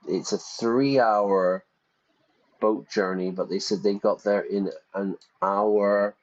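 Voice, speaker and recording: A man's voice: fairly low pitch, lo-fi sound. A middle-aged man, an English teacher chatting casually and wryly through an online lesson. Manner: chatty, wry, rambling asides. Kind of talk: casual screen-share lesson, reading aloud.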